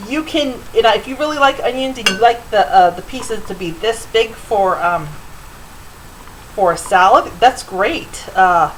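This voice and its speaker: A woman's voice: medium pitch, a little slow, background noise. A middle-aged woman hosting a home cooking show, chatting loosely with fillers as she demonstrates in her kitchen.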